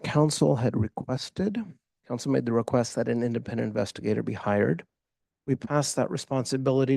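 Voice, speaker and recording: A man, the mayor, chairing a council meeting in a slow, procedural way. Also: mid-range voice, creaky, a little mellow, no room sound.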